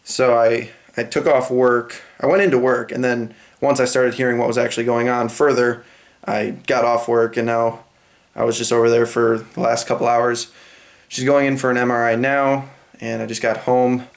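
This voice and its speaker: A man's voice: medium pitch, little pitch movement, normal speed. A young man telling a personal story in a casual vlog, rambling and acting out the people he talks about. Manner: rambling, retelling a phone call and quoting others. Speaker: vlogger.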